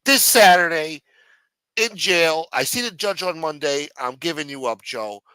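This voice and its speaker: A whiny young jailbird complains and pleads in a raised, nasal-edged voice, as a man puts him on. He sounds sharp and high above the speaker's normal register, whining sarcastically. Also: measured pace, clear, resonant tone, no room sound. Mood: pleading. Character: whiny young man, newly jailed, snitching.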